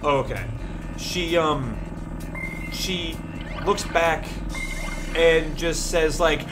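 A man's voice: on the high side, very slow, long pauses, music in the background. A young man hosting a let's play, telling a long rambling story in casual gameplay commentary and swearing freely.

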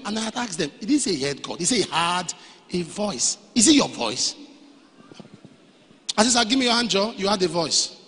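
A male pastor preaching a sermon, dropping to quiet storytelling and then rising to shouted lines. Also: high-pitched. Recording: reverberant hall.

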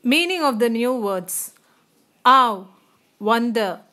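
A woman teacher reading a textbook passage aloud in a slow, deliberate way. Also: fairly high pitch, animated, bright, forceful tone.

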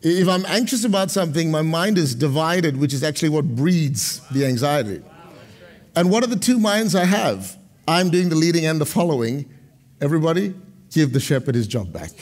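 A middle-aged male pastor preaching a sermon, moving between loud proclamations and quiet, chatty storytelling. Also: expressive, moderate pace. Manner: dynamic preaching, swings from loud proclamations to low storytelling asides.

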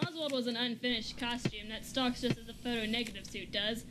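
A woman's voice: fairly high pitch, fairly even intonation, brisk, fairly bright tone, lightly acted. A woman voicing a chatty young coworker who phones the night guard in a horror game, friendly and a little rambling. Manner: casual, friendly, slightly rambling.

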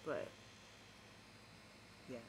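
Woman vlogger, stressed and emotional, soft rambling talk, steady hiss behind her. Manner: rambling, many fillers, kept deliberately quiet. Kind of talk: casual rambling vlog chat. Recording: noisy home recording.

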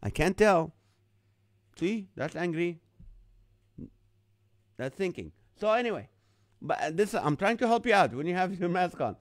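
A Middle Eastern host of a live online show performs a comedic storytelling monologue, acting out others' lines in an animated, jumped-up voice. His voice sits high, and his pace is measured, with long pauses. The studio sound is clean, with no echo.

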